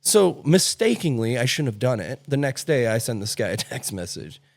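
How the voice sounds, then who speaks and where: A male podcast host tells stories in a blunt, animated, casual-chat style, swearing freely. His voice is medium in pitch with some vocal fry, and he talks at a normal speed.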